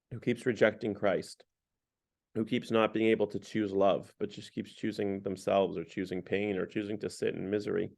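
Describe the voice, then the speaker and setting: A man's voice: lowish voice, vocal fry, a little mellow. A man leading a parish Lent discussion in a loose, conversational way, often saying "like" and restarting his sentences as he retells a story and draws lessons of faith from it. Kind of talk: casual spoken book discussion.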